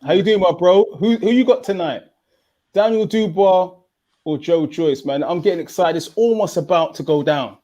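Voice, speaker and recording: Young man, host, lively banter, fairly high voice, casual live chat. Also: normal speed, muffled recording. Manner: hyped, banter-filled.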